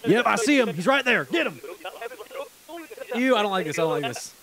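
A man streaming a game live, commenting casually and excitably, swearing and laughing as he plays. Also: high voice, a little fast, crowd noise.

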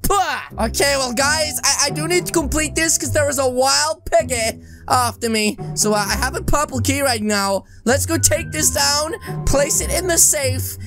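A man giving energetic, jokey commentary over a video game, often bursting into yelps and shouts. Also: extremely high pitch, moderate pace. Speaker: gaming YouTuber. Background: game music.

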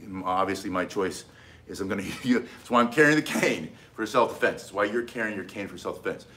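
The middle-aged man's fairly low voice is sharp in tone and fairly quick. He teaches self-defense casually but emphatically, pressing key points and often beginning sentences again.

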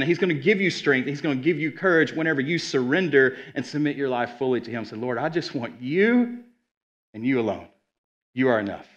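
A man preaching a sermon as a guest speaker, with energetic, conversational delivery and quick asides. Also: on the high side, lo-fi sound. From Arkansas. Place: church sanctuary.

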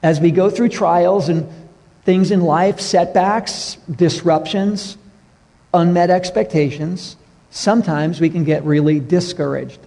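Gravelly pastor with a husky hush. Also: male voice, sits high, a little slow, long reverb tail. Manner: storytelling, drops to a soft hush for tender moments. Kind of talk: sermon. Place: church sanctuary.

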